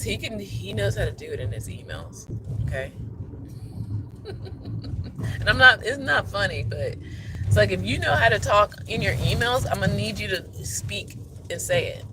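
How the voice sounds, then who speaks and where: A man who is a teacher, talking earnestly and candidly in a personal vlog, often checking in with "okay?". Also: sits high. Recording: loud vehicle noise behind.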